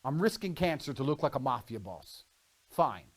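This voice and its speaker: A man's voice: medium pitch, sing-song, moderate pace. A man in a brash monologue, talking in a boastful, profane and mocking way. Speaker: internet personality in played clips. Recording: reverberant clips with music underneath.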